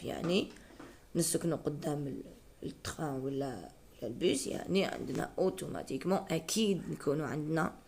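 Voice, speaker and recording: Algerian woman teacher, low and gravelly, slow careful explanations with lots of repetition. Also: a little hiss or hum. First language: Algerian Arabic. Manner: patient, repeats key words, spells them out. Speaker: English teacher. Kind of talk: explaining test answers.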